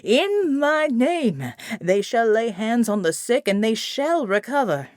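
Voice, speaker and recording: A woman's voice: fairly high pitch, very animated, slow, darkish tone, dry recording, studio quality. A woman voicing a male pastor who preaches in a sing-song voice that rises and falls. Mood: preaching. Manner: sing-song, rising and falling.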